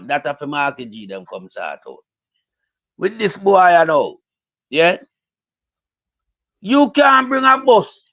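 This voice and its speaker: A man with a Jamaican accent rants heatedly about politics, circling back over his points and slipping in and out of Patois. His voice sits a little high for a man. The recording sounds dull and lo-fi. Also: a bit bright. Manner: heated, repetitive, speaks Jamaican Patois mixed with English. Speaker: political commentator. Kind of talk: casual political rant.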